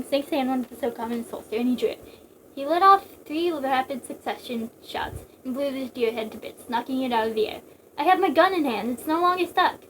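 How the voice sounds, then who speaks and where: A woman's voice: high voice, slight background noise, low-quality recording. A young woman casually reading a story aloud, breaking off for giggly jokes. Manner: giggly, joking digressions. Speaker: reader.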